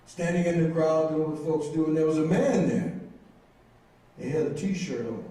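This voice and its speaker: A man's voice: fairly high pitch, warm tone, a little hiss or hum. A middle-aged man, from Mississippi, telling a humorous personal testimony to a congregation as an intern minister. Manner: humorous storytelling, drawn-out phrasing. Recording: echoey hall from far off.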